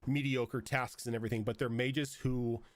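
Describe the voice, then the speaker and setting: A man's voice: medium pitch, steady tone, moderate pace, no room sound. A man narrating as game master of a tabletop game, rambling with frequent fillers.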